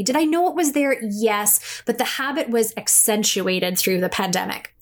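A middle-aged woman hosting her podcast, talking in a chatty, confessional way and laughing often. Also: fairly high pitch. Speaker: podcast host. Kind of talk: casual solo podcast monologue.

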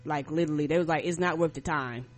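A woman's voice: deep voice, quick pace. A woman co-hosting a podcast, blunt and sarcastic, swearing freely in casual chat. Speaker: podcast co-host.

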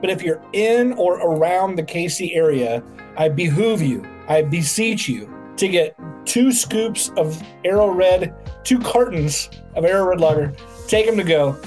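A man's voice: high-pitched, lively intonation, measured pace, a little mellow, faint music behind. Playful, rambling male podcast co-host. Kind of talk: casual sports podcast chat.

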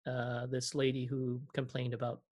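A man's voice: mid-range voice, monotone, normal speed, a little mellow. A man co-hosting a casual podcast from home, rambling with lots of fillers. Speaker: podcast co-host. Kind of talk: casual chat.

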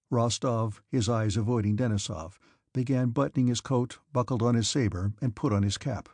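A man reading a classic novel aloud as an audiobook narrator, in a measured, steady way. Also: mid-range voice, husky, no room sound, studio quality. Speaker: audiobook reader. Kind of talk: scripted narration.

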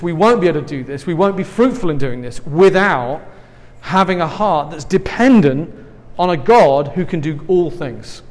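An English man preaching a sermon in a big hall, his slightly raised voice trailing off into long reverb. He talks earnestly but conversationally, and a face mask softens his words. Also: fairly high pitch. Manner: earnest and conversational, with asides and light laughs. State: speaking through a face mask. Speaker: pastor.

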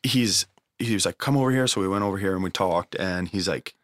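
A man's voice: sits low, steady tone, brisk, fairly bright tone, no echo. A young man telling an emotional recovery story in a casual way, swearing freely and using lots of fillers. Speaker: guest sharing a recovery story.

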